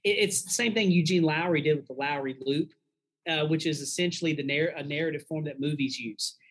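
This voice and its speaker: A man's voice: a little high, a little fast, fairly bright tone, breathy edge, poor audio. A man, a pastor and guest, giving frank, earnest advice in a casual conversational way.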